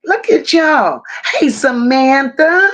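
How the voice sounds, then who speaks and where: A woman's voice: high voice, animated. A woman hosting a casual livestream, greeting viewers one by one and reading their chat messages aloud. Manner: warm drawn-out greetings, reads chat aloud. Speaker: livestream host.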